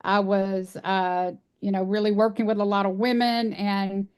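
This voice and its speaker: A woman's voice: mid-range voice, little pitch movement, a little mellow, smooth. Folksy Texan woman telling her story. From Texas. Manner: folksy, earnest, drawn-out storytelling. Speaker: guest, animal rights speaker. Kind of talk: casual interview conversation.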